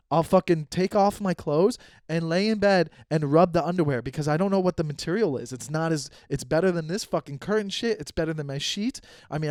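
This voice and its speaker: A man's voice: a little high, darkish tone, no echo, clean studio sound. A young man hosting a podcast, riffing through an improvised ad read in a rambling, profane, jokey way. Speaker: podcast host reading an ad. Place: non-studio room.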